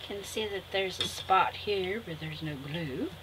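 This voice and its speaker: A woman's voice: on the low side, a little slow. Chatty woman vlogging a craft project. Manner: chatty, talks fondly to viewers and laughs at herself. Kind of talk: casual craft tutorial chat. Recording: noticeable background noise.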